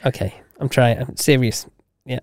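A man's voice: mid-range voice, fairly even intonation, normal speed, a little mellow, no room sound. Laughing man podcast co-host. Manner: laughs a lot, dry and teasing. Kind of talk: casual chat.

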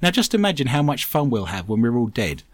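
A man hosts a comedic radio show, rattling off puns and listener letters. His pitch swings widely as he jokes. The sound is dry and close to the mic. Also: big pitch swings, brisk, no echo. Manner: jokey, reads listener messages with puns. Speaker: host.

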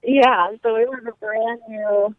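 A woman from Texas, a guest in a casual interview, relaxed and a little shy, often laughing. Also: on the high side, a little slow, no echo. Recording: tinny phone-like call line.

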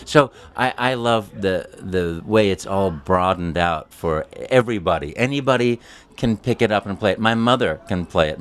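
A voice actor telling a story in an interview, animated and quick to slip into character voices. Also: male voice, fairly low pitch.

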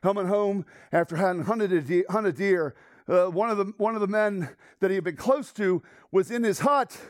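A man preaching a sermon, animated and storytelling, dropping to hushed asides and rising to loud exclamations. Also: sits high, moderate pace, dry recording, clean studio sound. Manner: frequent restarts and laughs while telling stories.

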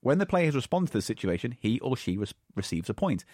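A man's voice: mid-range voice, very animated, quick pace, a little mellow, dry recording, clean studio sound. A man reading game rules aloud and bantering teasingly as a comedy co-host. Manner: reads aloud, teasing, swears, laughs.

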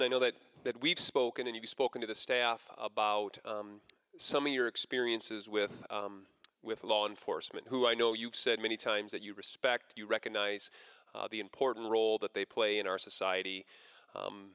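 A man interviewing a guest, framing a question in a measured, hesitant way with many fillers. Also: fairly low pitch, fairly bright tone, clear, resonant tone, long reverb tail.

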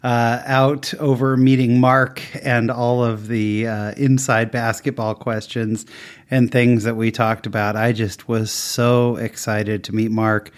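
A man's voice: mid-range voice, little pitch movement, slow pace, dry recording. A podcast host speaks with open enthusiasm, heaping praise on his guest. His mid-range man's voice is recorded close and dry, with no room sound. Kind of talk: interview podcast.

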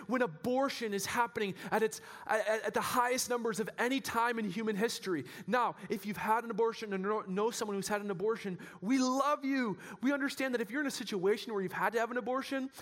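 A man with a notably high voice preaching in a church. He builds from explanation to full shouting at the peaks, repeating phrases and restarting sentences as he drives his points home. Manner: animated, building to shouting at climaxes, with self-interrupting restarts. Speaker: pastor. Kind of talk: sermon.

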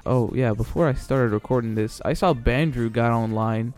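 A podcast host talks alone on his own show at a normal pace, his medium-pitched voice slightly mellow. He rambles and swears casually, with plenty of fillers and restarts, while faint music plays behind him.

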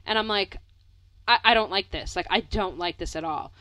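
A woman's voice: medium pitch, moderate pace, no echo, rough recording. A young woman telling a rambling story in casual chat, full of "like" fillers, laughing and swearing now and then. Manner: animated, many "like" fillers, swears, laughs often.

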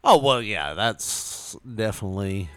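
A man's voice: fairly low pitch, lively intonation, measured pace, a bit bright, clear, resonant tone, no room sound. A man co-hosting a podcast in casual chat, drunk, giggly and rambling, smoking a cigar at the mic. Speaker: podcast co-host.

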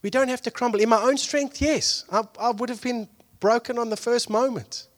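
A pastor preaching a conversational sermon, moving from hushed asides to loud, excited peaks and acting out the people he quotes. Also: very high voice, normal speed.

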